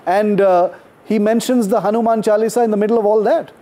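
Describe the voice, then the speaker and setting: A man hosting a talk-show interview, speaking in a measured way with frequent fillers. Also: sits high, fairly even intonation, mellow. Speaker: host.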